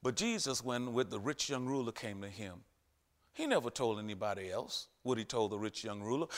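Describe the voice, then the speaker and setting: A man preaching a sermon, emphatic and repetitive, with sudden loud rises. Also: medium pitch, animated, a little fast.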